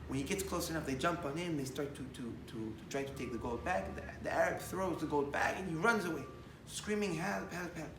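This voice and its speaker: Animated preaching man in an echoey room. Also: on the high side, a little fast, few pauses, background noise. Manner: animated, rising to loud emphatic bursts, many restarts. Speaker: rabbi. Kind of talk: sermon with storytelling.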